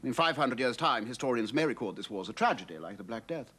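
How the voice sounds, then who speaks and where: An actor playing a cynical middle-aged writer and war veteran, who talks in a measured, philosophical way. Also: male voice, mid-range voice, big pitch swings, bright, forceful tone, breathy edge, heavily acted. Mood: reflective. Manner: measured, world-weary, philosophical. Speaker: host sheltering a stranger.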